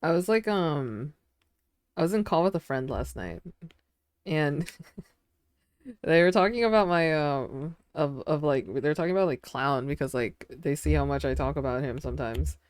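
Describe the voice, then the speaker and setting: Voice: medium pitch, lively intonation, moderate pace, clear, resonant tone, dry recording. A streamer chatting casually with their audience while drawing. They ramble with lots of fillers and giggle often.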